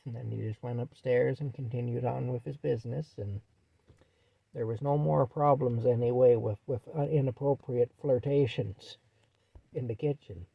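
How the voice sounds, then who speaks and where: A man tells a story casually from inside his truck and keeps looping back with "anyway." His voice is mid-pitched and sits close and dry, with little room sound. The recording is slightly dull and muffled. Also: steady tone, normal speed, gravelly, husky, no echo. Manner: rambling, repeats "anyway" often. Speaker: vlogger.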